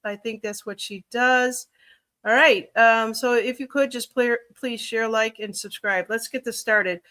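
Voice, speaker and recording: Chicago woman hosting a loose livestream, bright tone, lots of ums and thinking aloud. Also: on the high side, steady tone, a little slow. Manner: rambling, thinks aloud with many fillers. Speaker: livestream reader. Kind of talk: casual livestream chat.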